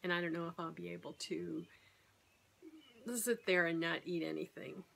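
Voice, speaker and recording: Middle-aged woman, low gravelly voice, rambling self-deprecating vlog chat, faint hum behind. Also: level tone, moderate pace, a bit bright. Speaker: weight-loss surgery vlogger. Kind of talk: casual vlog monologue.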